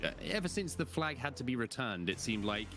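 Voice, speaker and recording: A man commentating an esports match in a quick, chatty way. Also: mid-range voice, sing-song. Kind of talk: play-by-play commentary. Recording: broadcast with music behind.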